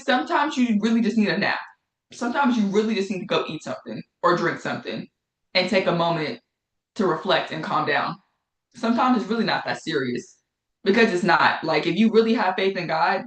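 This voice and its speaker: A woman's voice: medium pitch, expressive, moderate pace, a bit bright. Give me a woman teaching a casual Bible study, conversational and repetitive, in an echoey room. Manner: conversational, repeats phrases for emphasis.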